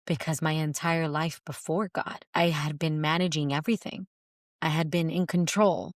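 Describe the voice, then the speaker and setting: A woman's voice: sits low, little pitch movement, normal speed, no echo, studio quality. A woman hosting a faith podcast, giving an earnest, reflective teaching that repeats phrases for emphasis and quotes scripture.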